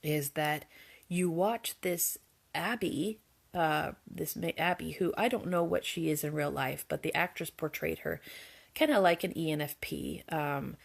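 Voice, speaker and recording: A woman's voice: low voice, a little slow, creaky. A woman hosting a casual spoken movie review, earnest and emphatic, often restarting her sentences. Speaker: video host and movie reviewer.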